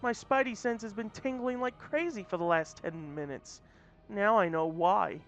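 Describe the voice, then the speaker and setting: A man's voice: high-pitched, moderate pace. A man voicing a wisecracking young male web-slinging hero in a storybook reading, light and quippy. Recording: dull lo-fi audio, faint music.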